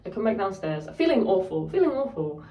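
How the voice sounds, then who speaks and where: A woman's voice: mid-range voice, big pitch swings, fairly quick, recorded from a distance, muffled recording. A young woman casually telling a story, candid and sweary, ranting. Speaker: vlogger. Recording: roomy echo, voice set back from the mic.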